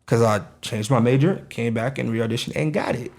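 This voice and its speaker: A young man from Jamaica, Queens, New York, with a New York accent co-hosts a podcast, laughing and swearing freely as he chats casually with friends. His voice is medium in pitch, slightly mellow, and a bit quick.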